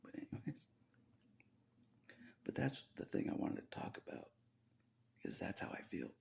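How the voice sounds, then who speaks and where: A man's voice: moderate pace, darkish tone. A man hosting his own channel, talking in a rambling confessional monologue that he often half-whispers, swearing casually and laughing between lines. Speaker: YouTube channel host.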